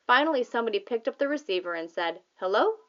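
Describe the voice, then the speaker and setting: A woman's voice: on the high side, racing. Woman reading a storybook aloud, dull audio. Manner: plain, steady storytelling. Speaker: audiobook reader. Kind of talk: scripted narration.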